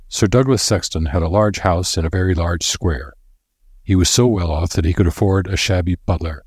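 A man reads a story aloud in a measured, steady manner. His voice is deep with a husky grain, and the recording is dry and close with no room sound. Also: no room sound. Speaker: narrator. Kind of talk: scripted narration.

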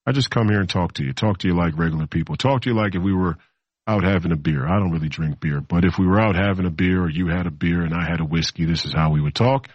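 A man in his thirties with a very low voice delivers a loose, rambling political talk-show monologue, repeating phrases and tossing in mocking asides. The sound is dry and close, with no room around it. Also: fast talker, breathy edge, no echo, lo-fi sound. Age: 30s.

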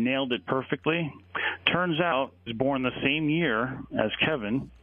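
A man calling in as a guest author on a radio show, talking eagerly with halting restarts over a phone line. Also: medium pitch. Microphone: telephone.

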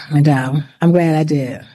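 A woman recounts her career in a measured, deliberate way, often pausing and restarting. Her voice is warm and mellow. The recording is close and dry, with no room sound. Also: low-pitched, steady tone, dry recording. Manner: deliberate, reflective, with restarts and laughs. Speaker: former university president, author. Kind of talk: interview, personal account.

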